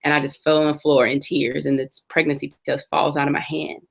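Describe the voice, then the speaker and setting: Low-voiced woman sharing her testimony. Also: flat delivery, fairly quick, gravelly. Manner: earnest, reflective storytelling with frequent restarts. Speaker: interview guest. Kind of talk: personal testimony in an interview.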